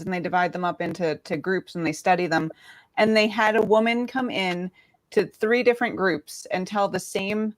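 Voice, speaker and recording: A woman from the United States talking in a casual video chat, rambling with many fillers. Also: medium pitch. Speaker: guest.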